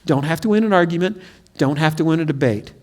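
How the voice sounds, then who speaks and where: A high-pitched man preaching to his congregation. He tells stories with lots of life, and he puts on small voices for the quotes. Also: fast talker. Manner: animated storytelling with acted-out quotes. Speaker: pastor. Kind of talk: sermon. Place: church sanctuary.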